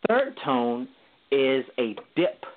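A man on a tinny phone line talks through the tones of Mandarin, singing short vowel sounds to show how each one moves. His voice sits at a middling pitch, and he laughs easily as he explains. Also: big pitch swings, slow. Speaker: guest language teacher. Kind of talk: casual interview explanation.

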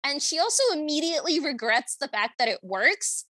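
A woman's voice: high-pitched, normal speed, no room sound. A woman co-hosting a podcast, recapping a film in casual chat and acting out the characters' lines as she tells it. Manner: animated storytelling with acted-out quotes. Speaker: podcast co-host.

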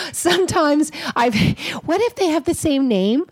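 A woman veterinarian chatting as a podcast guest, animated and quick to laugh, often asking rhetorical questions. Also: high voice. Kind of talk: casual podcast conversation.

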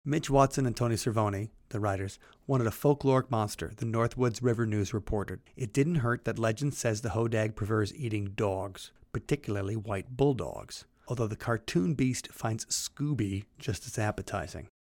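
A man co-hosting a podcast, reading old newspaper clippings aloud in a brisk, animated way and chatting loosely in between. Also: lowish voice, dry recording, clean studio sound. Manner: reads quotes in a brisk, animated way, then chats loosely. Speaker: podcast co-host.

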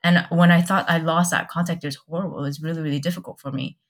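A young woman, a podcast guest, telling her story candidly in casual chat, halting and restarting, with many quoted exchanges. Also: deep voice, steady tone.

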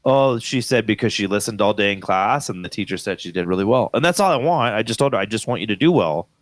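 A man in his thirties, a father and co-host, telling a family story in casual chat with lively delivery. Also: fast talker, no room sound. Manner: animated, acts out his daughter's voice in high squeals.

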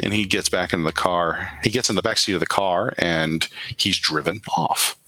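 Deep-voiced man narrating a tabletop game. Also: moderate pace, low-quality recording. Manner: relaxed, rambling narration with fillers. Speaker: game master. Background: background music.

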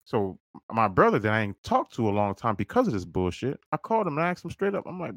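A man's voice: medium pitch, wildly swooping pitch, quick pace, gravelly, a bit bright, dry recording, studio quality. A man hosting a podcast, telling a story casually and profanely, acting out quoted dialogue. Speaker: podcast host.

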